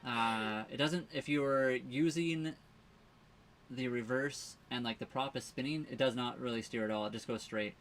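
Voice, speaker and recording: A man's voice: medium pitch, moderate pace, a bit bright, a little hiss or hum. A man co-hosting a casual livestream from his sailboat, answering viewer questions in a rambling way, full of fillers and restarts. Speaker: livestream co-host living on a sailboat.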